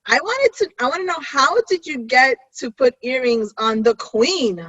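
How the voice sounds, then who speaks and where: Co-host woman, bright higher voice, dry and dull recording. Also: animated, moderate pace, no echo. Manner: chatty, self-deprecating. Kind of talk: casual chat.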